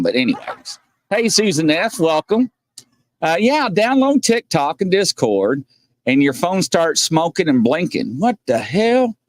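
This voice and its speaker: A man's voice: a little high, dry recording. A man hosting a casual livestream, rambling and joking as he reads chat comments aloud and greets viewers. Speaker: host.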